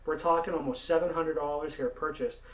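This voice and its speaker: A man from Canada, his voice on the high side and his tone steady, launches into a profane, indignant monologue to camera as a gaming vlogger. He talks a little fast. The mic is distant and the room sounds roomy.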